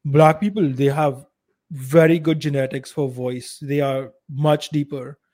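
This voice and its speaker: A man's voice: fairly high pitch, fairly even intonation, unhurried. A man with an Indian accent co-hosting a podcast, talking bluntly and with strong opinions. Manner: blunt, opinionated, uneven loudness. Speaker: podcast co-host. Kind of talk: casual podcast chat.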